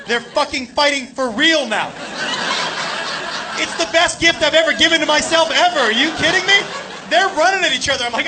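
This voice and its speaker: A man telling a crude, animated stand-up story on a club stage, shouting his punchlines. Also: very high voice, fairly quick. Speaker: stand-up comedian. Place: comedy club stage with laughing audience. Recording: live club recording with crowd noise.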